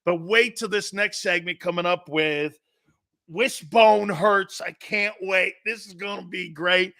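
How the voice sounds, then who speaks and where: Middle-aged male sports host, high, sharp voice, loud and jokey, stumbles over repeats. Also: a little slow. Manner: loud, joking, repeats words when excited. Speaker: show host. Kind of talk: casual sports radio banter.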